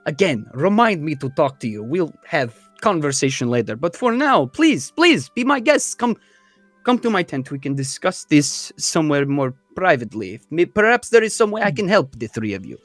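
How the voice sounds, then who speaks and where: A man doing an over-polite dwarf ringmaster, pleading and courtly, his voice jumping high and swooping all over. The delivery is lively and animated, with a dry, close sound and a little music underneath. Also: moderate pace, no echo. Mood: eager, courtly.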